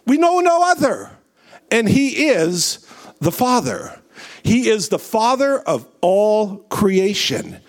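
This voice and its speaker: A man preaching a sermon and reading scripture aloud. His phrases are slow and drawn out, and his pitch swings widely.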